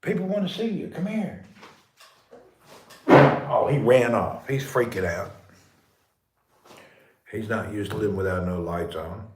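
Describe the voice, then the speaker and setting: A man live streaming casually from his dark house during a power cut, talking to viewers and calling out high and loud to his pet. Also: expressive, measured pace, pauses often, background noise. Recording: echoey room.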